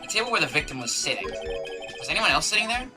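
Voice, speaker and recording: A woman's voice: low-pitched, sing-song, fast talker, music in the background. A woman voicing an earnest young male lawyer who questions people politely.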